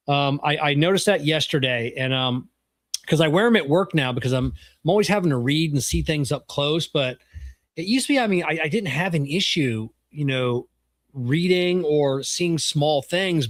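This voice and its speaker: A man co-hosting a casual podcast, telling a story in a rambling, halting way. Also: on the high side, fairly bright tone, dry recording. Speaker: podcast co-host. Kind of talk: casual chat.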